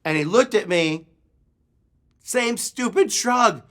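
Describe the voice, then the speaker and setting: A man preaching with a bright, forceful voice that sits a little high. He tells a story with animated delivery and acts out the shouts in it. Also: slow pace, long pauses. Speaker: pastor. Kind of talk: sermon storytelling.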